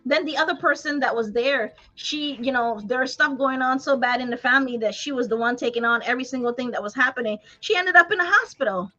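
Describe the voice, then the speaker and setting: High, bright-voiced woman. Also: fast, hardly any pauses, muffled recording. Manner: emphatic, laughing often, preacher-like. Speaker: host. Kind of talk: motivational talk.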